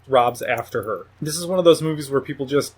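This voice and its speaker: Briskly and with a breathy edge, a man runs through a film's plot for his review podcast. His style is laid-back and foul-mouthed, and he sometimes pitches his voice up to mimic the characters.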